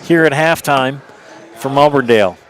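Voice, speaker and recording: A man calling a high school basketball game play-by-play, brisk, and rising for big plays. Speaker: play-by-play announcer.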